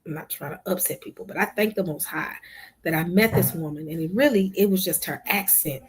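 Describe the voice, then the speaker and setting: This livestream host is a woman with a husky, low voice and a brisk delivery. Chatty and casual, she tells a story to her live audience, calls them "y'all," and recounts conversations in quoted dialogue.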